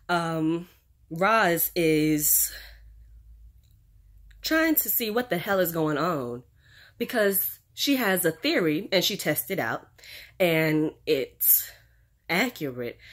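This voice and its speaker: A woman hosts her own recap vlog. She talks in a low, relaxed register and rambles casually, full of fillers and side comments. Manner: chatty, rambling with fillers and asides. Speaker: channel host reviewing a series.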